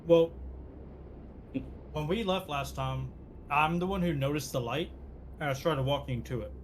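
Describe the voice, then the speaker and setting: A man taking his turn in a tabletop game, talking slowly with a slightly raised pitch and an easy, laughing manner. A faint hum of room noise sits behind him. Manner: relaxed, laughs often. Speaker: player.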